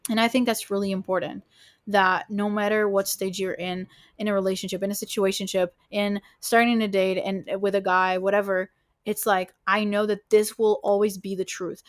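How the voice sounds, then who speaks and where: A woman hosting a podcast, giving casual relationship advice in a frank, emphatic way, swearing often and filling pauses with "like" and "you know". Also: medium pitch, level tone, no echo, studio quality. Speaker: podcast host.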